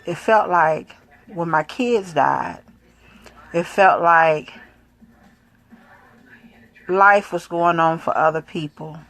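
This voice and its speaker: Slow, low-voiced middle-aged woman. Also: poor audio. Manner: halting, hesitant, with many pauses and fillers; soft, quiet, emotional delivery. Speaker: grieving mother sharing her faith. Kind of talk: personal testimony.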